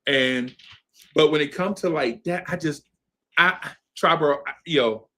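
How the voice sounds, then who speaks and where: Man in his 50s, bright clear voice, kinda high, loose storytelling on a podcast, laughs a lot. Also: a little slow. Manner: laid-back, laughs often, repeats "right?". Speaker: podcast co-host. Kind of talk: casual storytelling chat. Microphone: streamed podcast mic.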